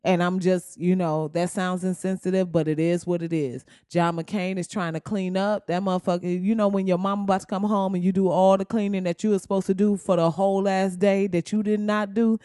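A man hosting a casual comedic talk show, profane and animated, often slipping into quoted voices. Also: sits high, fairly quick, few pauses, clean tone, no echo, clean studio sound.

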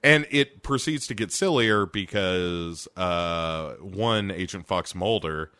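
A podcast co-host recaps an episode in a casual chat, animatedly acting out scenes in little voices. His voice sits low and unhurried, with a clean tone and no echo.

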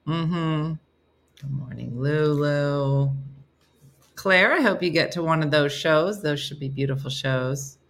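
A woman's voice: sits low, measured pace, gravelly. A woman with a New Jersey accent hosting a casual live-stream morning show, joking and laughing as she reads viewer comments aloud. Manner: animated, joking, laughs often.

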